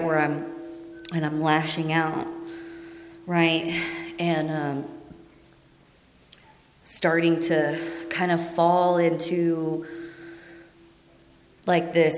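Woman, lowish voice, candid testimony at a group meeting, chatty and earnest, tossing questions to the room; roomy hall sound. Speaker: speaker sharing at a recovery meeting. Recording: echoey hall reverb.

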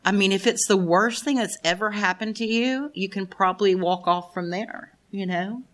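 Sharing at a recovery meeting, a woman in her fifties talks openly about her life, speaking directly to those in the room, with frequent swearing and laughter. Her mid-range voice is a bit bright and moves at a normal speed.

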